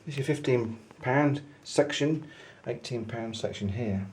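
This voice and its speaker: Bloke chatting away in a showroom, excited, recommending stuff, ordinary middle pitch. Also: male voice, measured pace. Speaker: vlogger. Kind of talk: casual showroom chat to camera. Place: pipe maker's showroom, indoors.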